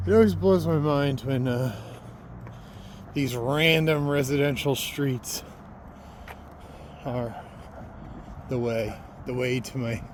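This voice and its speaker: A man vlogging on foot outdoors, talking in a laid-back, rambling, self-deprecating way into a handheld phone. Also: mid-range voice. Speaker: walking vlogger. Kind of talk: casual vlog monologue. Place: outdoors by a freeway and streets. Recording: outdoor traffic noise behind.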